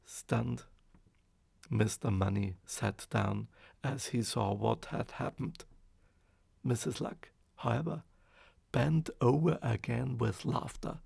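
A man narrating a fairy tale in a slow, expressive reading. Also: medium pitch, gravelly, breathy edge, dry recording. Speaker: storyteller. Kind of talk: storybook narration.

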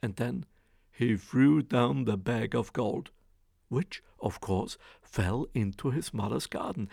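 A man reading a fairy tale aloud, with expressive, rhythmic storytelling. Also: medium pitch, slow pace, gravelly, no echo, clean studio sound.

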